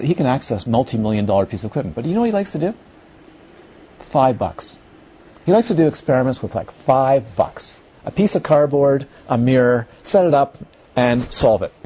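A man's voice: mid-range voice, mellow, slight background noise. A middle-aged man teaching a class on Buddhist philosophy in a rambling, conversational way, often checking whether his listeners follow. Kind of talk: lecture to a class. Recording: dull lo-fi recording.

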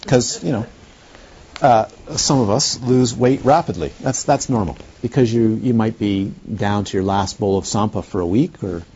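A man giving a dharma talk as a meditation teacher, unhurried and playful, often turning questions back to the listeners. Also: fairly low pitch, warm tone, muffled recording.

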